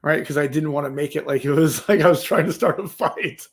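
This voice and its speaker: A man, a podcast guest, telling an animated casual story, acting out the quotes and tagging "right?" onto his lines. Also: on the high side, a little fast, husky. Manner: animated, acts out quotes, says "right?" often.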